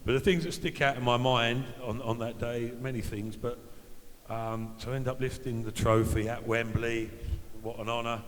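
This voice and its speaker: A man's voice: mid-range voice, steady tone, moderate pace, big-room sound, low-quality recording. A man in his fifties, a former footballer, telling chatty anecdotes at an evening event and acting out the voices of the people in them. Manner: chatty anecdotal storyteller, acts out quoted voices. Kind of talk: after-dinner storytelling.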